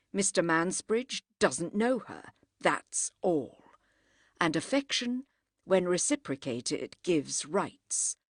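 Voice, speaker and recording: A woman reading a firm, proud Edwardian lady who speaks crisply and does not yield. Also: on the low side, no room sound, studio quality, exaggerated voice. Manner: crisp and unyielding.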